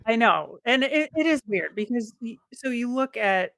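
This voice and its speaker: A woman co-hosting a podcast in casual sports chat, chatty and analytical and quick to laugh. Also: a little high, lively intonation, vocal fry, fairly bright tone, no room sound, clean studio sound. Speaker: podcast co-host.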